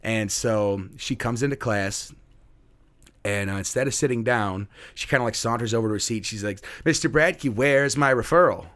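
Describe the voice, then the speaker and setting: A male middle school teacher with a fairly low voice, chatting casually as he tells a story. He is animated and slips into the voices of the people he quotes. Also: normal speed.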